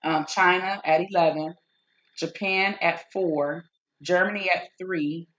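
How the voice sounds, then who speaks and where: A woman's voice: lowish voice, steady tone, a little slow, a bit bright, muffled recording. A woman hosting a live-stream explainer, working methodically through a list of figures with frequent checks of "okay?". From United States. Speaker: host.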